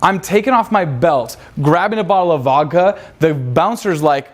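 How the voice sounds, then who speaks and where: A man's voice: fairly high pitch, animated, normal speed. A man leading a live seminar, brash and profane, firing rhetorical questions at his audience. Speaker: seminar instructor.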